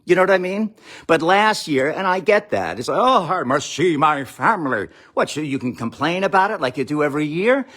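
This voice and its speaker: A middle-aged comedian streams live to his followers by phone or webcam, delivering a sarcastic, rambling comic monologue in which he reads out viewer comments and mocks quotes. His voice is fairly high, a bit bright, very animated and fairly quick.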